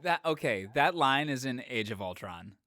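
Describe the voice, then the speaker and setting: A man's voice: mid-range voice, animated, moderate pace, sharp tone, no echo, studio quality. A man co-hosting a podcast in casual chat, loose and jokey, often restarting his sentences. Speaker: podcast co-host.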